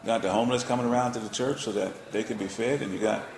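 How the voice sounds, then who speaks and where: A man's voice: lowish voice, fairly even intonation, fast talker, creaky, crowd noise. A male pastor preaching a sermon in a colloquial, playful way, often checking in with his listeners. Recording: roomy echo.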